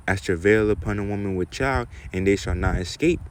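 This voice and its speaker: Deep-voiced man teaching scripture. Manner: repeats "man" and "okay?" as tags, reads verses slowly and loudly. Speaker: preacher.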